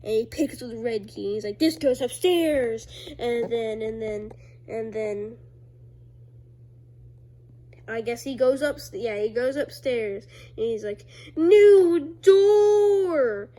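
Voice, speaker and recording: A woman casually walking through her own homemade comics, rambling and full of fillers, now and then bursting into loud high character voices. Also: steady tone, moderate pace. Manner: rambling, filler-heavy, loose storytelling. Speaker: creator reading own comics. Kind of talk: casual chat.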